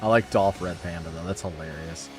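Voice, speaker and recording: A man's voice: low voice, brisk, soft background music. A man hosting a casual livestream, chatting upbeat and friendly as he thanks viewers by name. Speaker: livestream host. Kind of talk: casual chat reading viewer comments.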